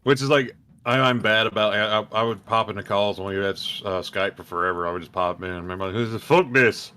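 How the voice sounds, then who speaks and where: A young man on a casual podcast, telling animated stories and swearing freely. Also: fairly low pitch, fast, clean tone. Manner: animated storyteller who acts out quotes, swears freely. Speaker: podcast co-host.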